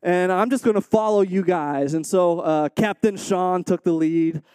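A man speaking as a missionary to a supporting church, preaching earnestly and then telling a personal story with animated, acted-out quotes. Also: sits high, measured pace, smooth, no echo.

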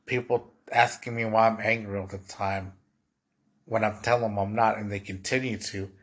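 A young man talks alone on his podcast in a loose, rambling way. His voice sits at a middle pitch with a husky, slightly rough edge, and he keeps circling back with "dude" and "like.". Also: a bit bright. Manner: rambling, repeats "dude" and "like" often. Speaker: podcast host. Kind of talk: casual monologue.

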